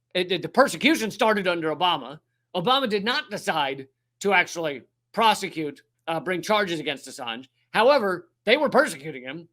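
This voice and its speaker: A man's voice: sits high, bright, forceful tone. Profane ranting male comedy host. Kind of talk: comedic news commentary.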